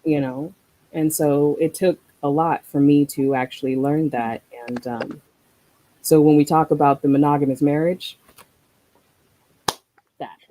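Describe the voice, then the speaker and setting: A guest poet performing spoken-word poetry with a deliberate, rhythmic delivery, then talking reflectively. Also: mid-range voice, fairly even intonation, mellow, rough recording.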